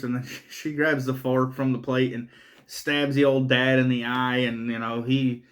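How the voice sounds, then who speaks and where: Profane, laughing male movie reviewer. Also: medium pitch. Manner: profane, laughing, rambling recap. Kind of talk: casual spoken film review.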